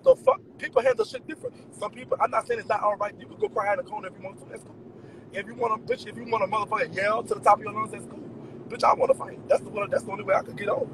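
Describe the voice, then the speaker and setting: A man venting to his viewers in an animated, profane, emphatic rant. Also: high voice, racing, noisy background. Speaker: vlogger. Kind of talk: ranting straight to camera.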